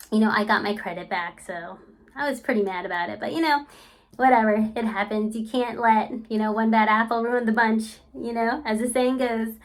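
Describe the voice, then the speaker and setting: A woman vlogger speaking in a casual, frank, rambling way, full of fillers like "um" and "you know.". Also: fairly high pitch. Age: adult. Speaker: language-learning vlogger. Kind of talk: casual chatty review.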